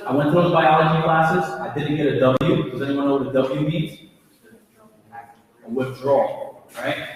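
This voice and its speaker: A young man in his twenties giving a casual, energetic motivational talk to students, telling his own story. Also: medium pitch. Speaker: alumni speaker. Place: large echoey hall. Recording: echoey hall from far off.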